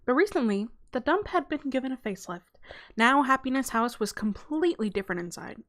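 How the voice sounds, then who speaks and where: A woman hosting her channel, reading a children's novel aloud in a relaxed, casual way with small stumbles and self-corrections. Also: sits high, brisk. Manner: breaks off for a light aside and a laugh.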